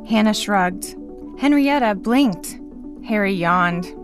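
A woman reading a children's story aloud in a clear, expressive way. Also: mid-range voice, unhurried, soft background music. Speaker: story reader.

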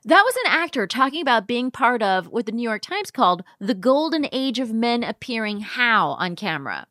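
Brief: female quiz host, high voice, dry close sound, joking scripted delivery. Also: sing-song, normal speed, sharp tone, dry recording. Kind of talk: scripted comedic quiz hosting.

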